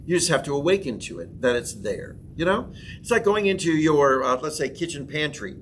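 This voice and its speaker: A middle-aged male pastor leads a church class in a slightly high voice, swinging up into emphatic proclamations. He has the room repeat affirmations after him. A faint room hum sits behind him. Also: a bit bright. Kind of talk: sermon class teaching.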